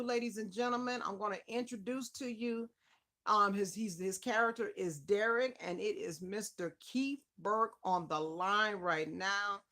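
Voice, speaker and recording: A woman with a somewhat high voice hosts a casual live stream interview from her home. While waiting to begin, she warmly and effusively greets her regulars, calling out viewers by name.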